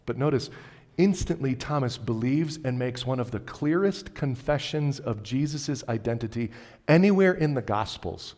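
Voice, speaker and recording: A man preaching a sermon, moving between loud, emphatic lines and quiet, low ones. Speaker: pastor. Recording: long hall reverb.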